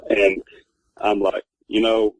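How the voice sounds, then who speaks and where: A man's voice: on the low side, flat delivery, slow, no echo, rough recording. A man, rambling through a personal story as a guest, with many fillers and restarts. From Texas. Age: 50s. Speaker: guest telling his encounter story. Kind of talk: casual spoken storytelling.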